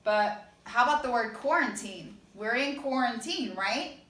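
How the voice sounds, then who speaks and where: A woman's voice: on the high side, animated, measured pace, a bit bright. A woman music teacher giving an online songwriting lesson, explaining step by step and singing short lines to check them. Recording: echoey room, a bit far from mic.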